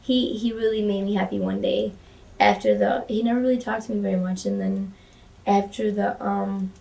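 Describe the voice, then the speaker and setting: A former wrestling valet chats candidly as a guest in a casual interview, often restarting sentences and swearing freely. Her medium-pitched voice is warm and animated with vocal fry, at normal speed and far from the mic.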